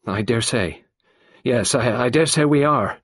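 A man doing a hoarse, despairing young woman. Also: dry recording, clean studio sound, close to an everyday voice. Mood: bitter. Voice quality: deep and hoarse. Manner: slow, hopeless.

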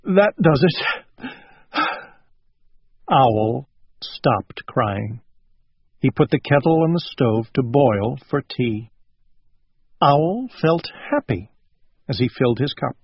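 A man reading a children's storybook aloud in a slow, gentle way. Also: mid-range voice, animated, breathy edge, dry recording. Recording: dull lo-fi recording.

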